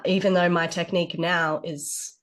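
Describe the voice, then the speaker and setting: Woman co-host, gigging singer, low and pretty monotone, casual chat. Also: normal speed.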